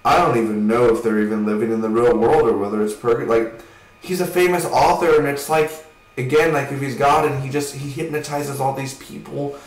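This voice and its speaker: A man giving a rambling, casual spoken film review, swearing now and then and acting out scenes in quick voices. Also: mid-range voice, roomy sound, far from the mic, low-quality recording.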